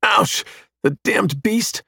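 A high, strained young explorer yells in alarm and anger, as a male narrator puts him on. His raised voice is urgent and clipped, set in a dry, close storybook recording. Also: lively intonation, drawn-out words, creaky, slightly rough, no echo, full character voice. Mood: angry. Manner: shouting, urgent. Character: young adult man, alarmed, angry explorer.

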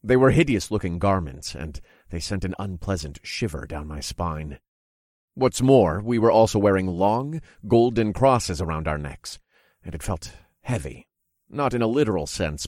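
Storyteller, male, deep voice; steady scripted narration, dry studio sound. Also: moderate pace, no echo.

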